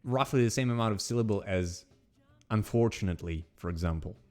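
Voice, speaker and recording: A man with a Russian accent, speaking English as his second language, co-hosts a casual chat. His voice sits on the low side, and he wanders through his points with halting restarts. Faint music plays in the background. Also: darkish tone. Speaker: podcast co-host.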